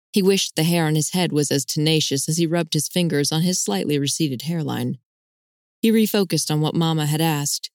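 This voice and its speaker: A woman reading an audiobook in steady, measured narration. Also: low voice, no echo, clean studio sound. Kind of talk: scripted narration.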